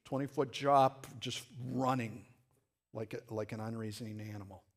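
A man preaching a sermon in a conversational way, often restarting phrases and now and then breaking into loud shouted lines. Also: medium pitch, steady tone, moderate pace. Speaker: pastor.

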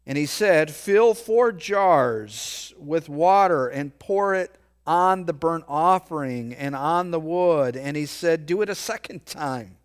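A man preaching a sermon, reading scripture aloud and pausing to explain it in quick, casual asides. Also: a little high, expressive, clear, resonant tone. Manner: reads verses slowly, then explains in a quick aside. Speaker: pastor.

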